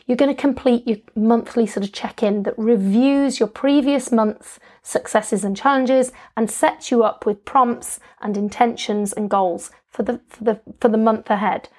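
Woman, podcast coach host, a bit high-pitched, upbeat and instructive, casual with fillers. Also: measured pace, a little mellow. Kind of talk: solo podcast coaching talk.

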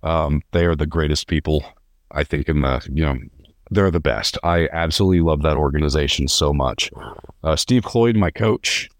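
A man's voice: a bass voice, normal speed, no echo, clean studio sound. A young man from California, a podcast guest telling stories in an earnest, rambling way with many restarts. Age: young adult. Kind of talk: casual interview.

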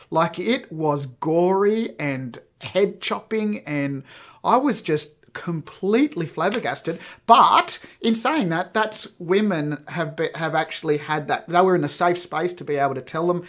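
A man's voice: a little high, normal speed. Male podcast host, rambling casual storyteller. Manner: rambling storyteller, many ums. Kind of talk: casual interview chat.

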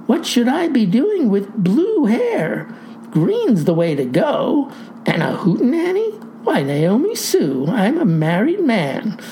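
A woman doing a sly older farmer, folksy and breezy, playing innocent in a storybook tale. He speaks slowly and with a lively swing in pitch, in a mellow voice. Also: slight background noise, exaggerated voice. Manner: folksy, airy and innocent-sounding.

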